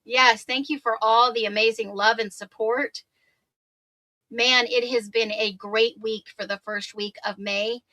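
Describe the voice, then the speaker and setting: A woman hosting a true crime livestream, chatty and upbeat, laughing often and greeting viewers by name, her voice a little hoarse. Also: a little high, steady tone, a little slow, sharp tone, no room sound. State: slightly hoarse voice. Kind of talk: casual livestream chat, reading viewer comments.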